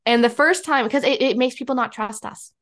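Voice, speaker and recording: Animated storytelling woman podcast host. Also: a little high, a little fast. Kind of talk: casual podcast chat.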